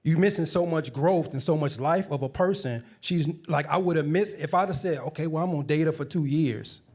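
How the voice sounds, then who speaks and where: A man's voice: a little high, brisk, darkish tone. A middle-aged man on a live panel, speaking in a reflective, conversational way. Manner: reflective, conversational, with false starts.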